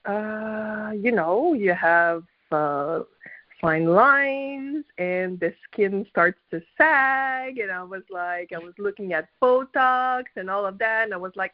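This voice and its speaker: A woman's voice: medium pitch, slow pace, no room sound. A middle-aged woman from Quebec with a Québécois French accent, telling her story as a guest on a call, hesitant with many fillers and frequent laughs. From Quebec, Canada. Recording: dull lo-fi call audio.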